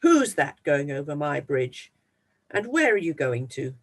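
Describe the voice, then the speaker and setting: A gruff, menacing troll from a children's storybook bellows his threats low and loud, as a storyteller puts him on. He talks slowly, with a gravelly growl in the voice. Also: big pitch swings, full character voice. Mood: threatening. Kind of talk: storybook read-aloud.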